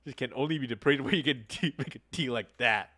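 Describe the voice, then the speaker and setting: A man's voice: mid-range voice, fast talker, bright, forceful tone. A man streaming a game, making playful, joking commentary and laughing often.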